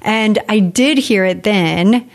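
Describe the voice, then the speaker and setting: A woman's voice: mid-range voice, slow pace. A woman co-hosting a podcast, chatting casually with a friend and often saying "like.". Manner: chatty, relaxed, frequent "like". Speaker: podcast co-host. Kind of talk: casual chat.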